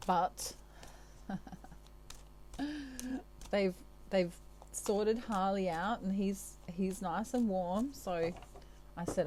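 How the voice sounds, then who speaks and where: A woman chats playfully to her viewers as a tarot reader, breaking into frequent giggles. She talks in an unhurried, mellow voice. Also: medium pitch, slight background noise. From Australia. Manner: chatty, giggly, playful asides. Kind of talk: casual chat to camera.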